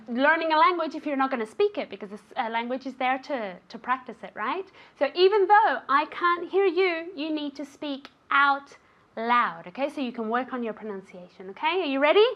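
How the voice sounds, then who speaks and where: A woman's voice: sits high, normal speed, lo-fi sound. A woman teaching an English lesson on a show, encouraging a student and the viewers at home, often checking in with "okay?". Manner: encouraging, ends phrases with "okay?".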